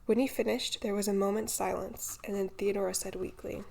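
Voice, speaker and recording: Gravelly woman narrating a novel. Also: mid-range voice, steady tone, fairly quick, hardly any pauses, dark tone. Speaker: audiobook narrator.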